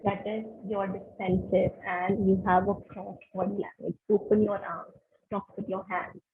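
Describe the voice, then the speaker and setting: A woman's voice: mid-range voice, level tone, a little slow, slight background noise. Indian woman trainer on a tinny line. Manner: instructive, gives direct tips. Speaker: webinar trainer. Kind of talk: online training lecture. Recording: tinny phone-line webinar audio.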